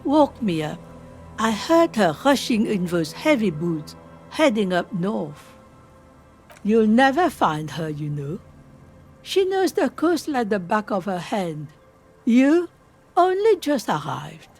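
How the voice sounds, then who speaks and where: An actress voicing a weary woman from the coast who protects a friend and talks slowly and guardedly. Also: medium pitch, sing-song, a little mellow, breathy edge, faint music behind, exaggerated voice. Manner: slow and guarded, pleading.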